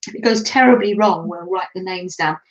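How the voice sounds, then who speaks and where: A woman's voice: on the low side, a little fast, low-quality recording. A middle-aged woman hosting a casual craft live stream, chatting and reading viewer comments aloud with frequent laughs. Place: holiday home, indoors at a craft table. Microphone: laptop mic.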